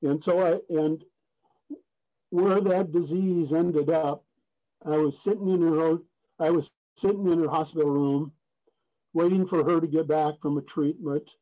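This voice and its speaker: A man's voice: on the high side, fairly even intonation, a little slow, dark tone, poor audio. A man giving an earnest personal testimony at a recovery meeting, speaking plainly with frequent restarts and a folksy joke. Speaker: speaker sharing his story at a recovery meeting.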